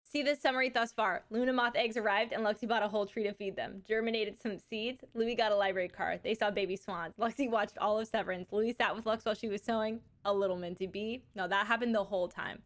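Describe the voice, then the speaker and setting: A woman's voice: mid-range voice, steady tone. A young woman with a slight lisp, chatting casually and giggling with her live audience. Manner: chatty and giggly, drawn-out words. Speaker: livestreamer.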